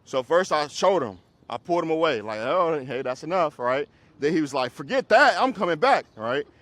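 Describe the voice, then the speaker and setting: A man who trains dogs, coaching a group class in a casual, hands-on way, giving quick commands to dogs and explanations to owners. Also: fairly high pitch, a bit bright, no echo. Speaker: dog trainer.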